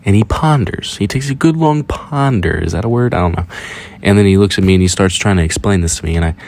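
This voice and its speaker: A man with a slightly low voice tells a storytime commentary over a basketball video. He is sarcastic and animated, often turning to the listener with rhetorical questions. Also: fast, creaky, slight background noise. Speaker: basketball YouTuber.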